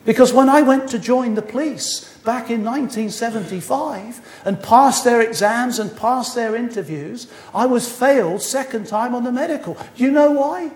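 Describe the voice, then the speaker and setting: A man's voice: very high voice, normal speed, hardly any pauses. A man in his sixties preaching a sermon, earnest with wry humorous asides. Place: church hall. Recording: echoey hall.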